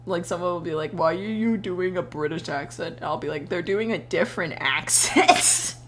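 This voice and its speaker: A young adult woman streamer chatting casually while she draws, telling animated stories, laughing often and swearing freely. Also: lowish voice, normal speed, slight background noise. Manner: animated storytelling with voiced quotes.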